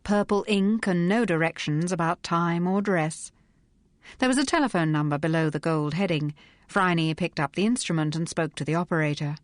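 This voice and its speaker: A woman reads a novel aloud in a measured, unhurried way. Her voice is fairly low and the sound is dry and close, with no room echo. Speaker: audiobook narrator. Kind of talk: scripted narration.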